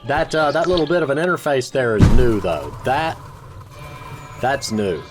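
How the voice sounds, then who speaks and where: A man's voice: medium pitch, big pitch swings, moderate pace, music in the background. A man hosting a gaming channel, chatting through a let's play with nostalgic asides.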